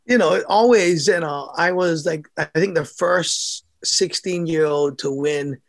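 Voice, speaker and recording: A middle-aged man tells his stories in a casual interview. His voice sits high and carries a gravelly edge. He talks in an animated way, laughing often and acting out what others said. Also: measured pace. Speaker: former amateur boxer, guest.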